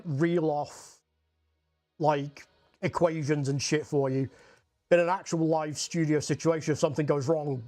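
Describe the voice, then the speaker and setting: His pitch sits fairly high with a slightly mellow quality. He's a young Scot chatting and rambling through a painting livestream, cursing freely and leaning on "like."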